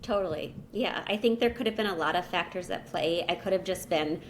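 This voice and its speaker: A woman's voice: fairly low pitch, fairly quick, a little hiss or hum. Chatty woman telling a personal story. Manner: chatty, full of "like" and "you know". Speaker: podcast guest, language teacher. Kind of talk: casual storytelling.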